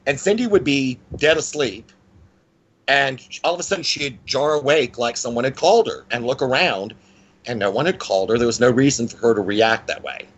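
A man telling a personal story as an interview guest, in a lively conversational way with frequent restarts. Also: moderate pace, breathy edge, dull audio. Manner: animated, with frequent pitch swings and restarts.

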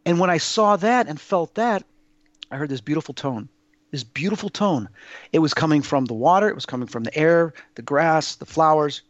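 A man telling a personal story as an interview guest, in an awed, halting way with many restarts. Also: fairly high pitch, no room sound, lo-fi sound.

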